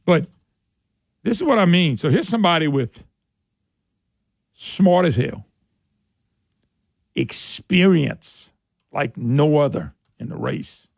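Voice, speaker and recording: Folksy high-voiced radio host. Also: male voice, gravelly, dry recording, clean studio sound. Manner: folksy, rambling, mocking impressions. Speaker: radio talk show host. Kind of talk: casual talk radio monologue.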